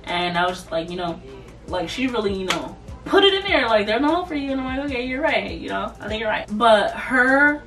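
A young woman casually telling a storytime vlog, animated and loose, slipping into mocking voices. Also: mid-range voice, a little fast. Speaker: vlogger. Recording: voice a bit far from the mic, soft music behind.

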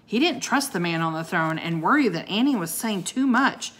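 A woman teacher reading a children's chapter book aloud to her class in a clear storytelling manner. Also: mid-range voice, animated, normal speed.

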